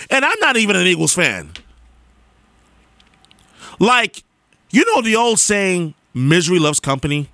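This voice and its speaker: A man's voice: high voice, unhurried, pauses often, dry recording, clean studio sound. A young man talking straight to listeners in an emphatic, repetitive monologue, like a radio host. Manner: emphatic, repetitive, animated storytelling.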